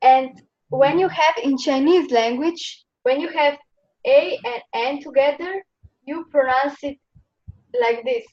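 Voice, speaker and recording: A woman's voice: high voice, slow, darkish tone. A woman from Slovenia teaching Chinese pronunciation over a video call, patiently repeating each sound for her students. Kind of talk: online pronunciation lesson. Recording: muffled video-call audio.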